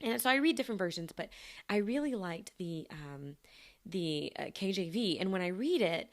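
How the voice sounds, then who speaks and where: A woman's voice: mid-range voice, lively intonation, moderate pace. A woman hosting a podcast and talking casually to her listeners, chatty and often laughing between thoughts. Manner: talks to listeners directly. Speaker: podcast host and teacher. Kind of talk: casual personal chat.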